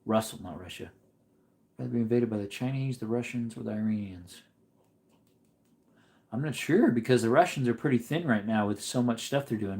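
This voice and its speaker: A man's voice: mid-range voice, normal speed, darkish tone. Laid-back man streaming in an echoey room. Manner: laid-back, chatty, answers viewer comments. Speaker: livestream host reading chat. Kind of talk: casual live-stream chat. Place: at home.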